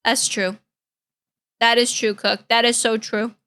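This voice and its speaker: A woman's voice: a little high, level tone, unhurried, bright, forceful tone, slight background noise. A woman streamer, chatting casually and giggling as she reacts to videos. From Canada.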